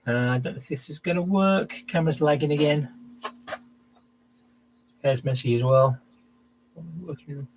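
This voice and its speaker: A man's voice: on the high side, normal speed, long pauses, a little mellow, slight background noise, rough recording. A man live-streaming from his home workshop, chatting casually to viewers and thinking aloud between tasks. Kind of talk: casual chat while working.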